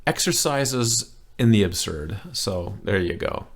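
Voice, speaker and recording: A man with a fairly low voice teaches a beginner language lesson at a whiteboard. He talks in a loose, chatty way and often stops to restart a sentence or fill a pause. The delivery is relaxed and informal. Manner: rambling and chatty, with many fillers and restarts.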